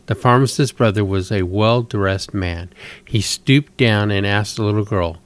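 A man hosting a show, reading a story aloud in a steady, measured way. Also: on the low side, no room sound. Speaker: host.

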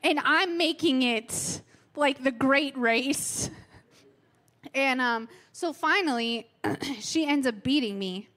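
Woman preacher, thirties, slightly high voice, casual candid delivery, fighting a cold. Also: slow pace, fairly bright tone. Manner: candid, self-mocking storytelling with fillers. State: has a cold, clearing her throat. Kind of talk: sermon.

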